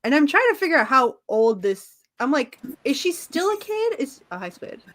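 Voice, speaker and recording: A woman's voice: high-pitched, sing-song, moderate pace, fairly bright tone. A woman co-hosting a casual chat show, animatedly recapping a comic story, swearing and laughing often as she acts out the characters. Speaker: podcast co-host recapping a comic.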